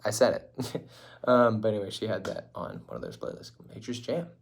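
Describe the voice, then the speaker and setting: A man's voice: lowish voice, very animated, brisk, vocal fry. A young man chatting to the camera in a casual vlog, rambling and laughing often, sometimes dropping into a whisper. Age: young adult. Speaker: vlogger.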